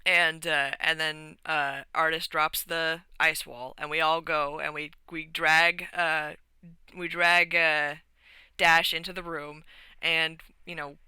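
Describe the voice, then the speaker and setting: A woman's voice: deep voice, little pitch movement, slow, sharp tone, clean tone, no room sound, poor audio. A woman host casually retelling her tabletop game session in a rambly way, laughing as she goes. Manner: rambly, many fillers and restarts, laughs while telling. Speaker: podcast host.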